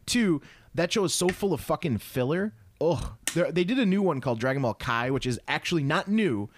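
A man's voice: a little high, expressive, brisk, a little hiss or hum. A young man co-hosting a podcast in casual chat, rambling with lots of fillers and swearing. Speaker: podcast co-host.

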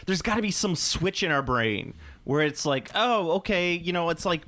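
A man co-hosting a podcast in casual chat, animated and mocking, with sudden loud outbursts. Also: a little high, normal speed, slight background noise. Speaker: podcast co-host.

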